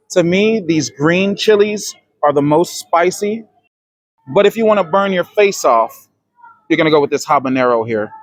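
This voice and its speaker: Man, travel vlogger, casual supermarket walkthrough, chatty, explains prices, slightly high voice. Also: dry recording. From United States. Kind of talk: casual grocery-store walkthrough. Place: supermarket, indoors.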